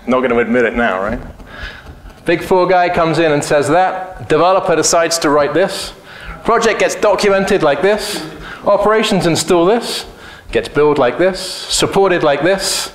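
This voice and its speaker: A man's voice: fairly high pitch, animated, normal speed. A man giving a casual conference talk, blunt and joking, telling anecdotes and swearing freely. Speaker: conference speaker. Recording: echoey hall.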